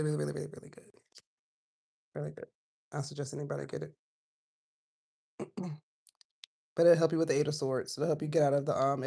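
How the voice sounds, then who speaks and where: A woman giving a casual live tarot reading, chatty and loose, drifting from quiet asides to loud outbursts. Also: low-pitched. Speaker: tarot reader.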